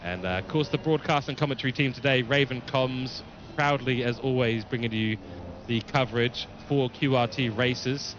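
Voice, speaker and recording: A New Zealand man with a mixed English and New Zealand accent gives live sim-racing commentary and reads viewer chat aloud. His voice is mid-range at a moderate pace, and the audio is dull, with background noise.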